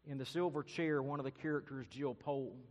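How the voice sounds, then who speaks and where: Male pastor, earnest and dramatic, mid-pitched voice, long echoing reverb. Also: steady tone, fairly quick, muffled recording. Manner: earnest, dramatic, varies loudness and pace. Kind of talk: sermon with storytelling.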